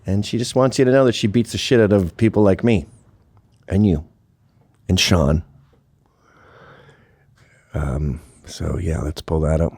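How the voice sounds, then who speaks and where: A man's voice: low voice, fairly even intonation, unhurried, pauses often, a little mellow, slightly rough, dry recording. Sarcastic, profane male talk host. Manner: sarcastic, profane, laughs at own jokes. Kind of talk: casual monologue commentary.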